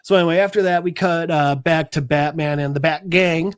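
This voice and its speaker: A man's voice: on the high side, fairly even intonation, fairly quick, clean tone, dry recording, studio quality. A man hosting a podcast, recapping a comic book in a rambling, casual way. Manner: rambling, filler-heavy storytelling. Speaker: podcast host.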